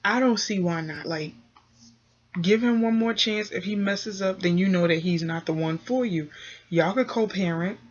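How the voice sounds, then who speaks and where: Speaking at normal speed in a medium-pitched voice, a woman who vlogs TV recaps casually reviews a reality show episode. The audio is dull, and her chatty delivery is packed with "you know," "um," and acted-out quotes.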